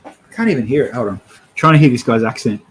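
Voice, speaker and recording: A man's voice: mid-range voice, fast, echoey room, rough recording. A young man hosting a casual livestream, blunt and sweary, joking as he goes. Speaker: streamer host.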